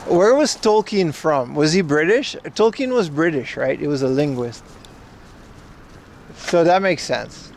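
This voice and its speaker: A man's voice: on the high side, animated, measured pace, vocal fry, a little hiss or hum. Rambling man streaming outdoors. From Boston, USA. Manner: loose, rambling, filler-heavy, jokey. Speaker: IRL livestreamer. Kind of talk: casual chat with stream viewers. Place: outdoors in Japan.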